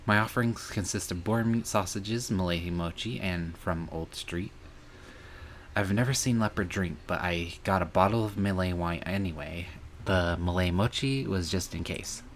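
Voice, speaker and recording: Deep-voiced man reading a game aloud. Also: moderate pace, a little hiss or hum. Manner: earnest, emotional reading with some angry outbursts. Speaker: streamer. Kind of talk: reading a visual novel aloud.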